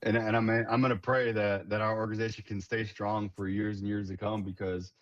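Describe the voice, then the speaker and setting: Low-voiced man telling earnest stories. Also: level tone, a little fast, dull audio, slight background noise. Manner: earnest, repeats and restarts words, says "man" often. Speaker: veterans nonprofit leader, guest. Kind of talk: casual conversational storytelling.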